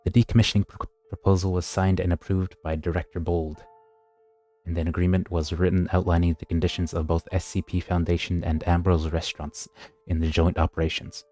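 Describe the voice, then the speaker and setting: Deep-voiced man sight-reading. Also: level tone, brisk, mellow, faint music behind. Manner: plain reading with stumbles. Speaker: streamer reading aloud. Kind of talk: sight-reading a horror wiki story.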